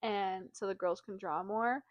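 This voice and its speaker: A woman's voice: medium pitch, a little slow, no echo, muffled recording. Chatty woman recapping a book. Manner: chatty, heavy use of "like", animated when acting out quotes. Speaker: book podcast co-host. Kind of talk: casual chat, retelling a plot.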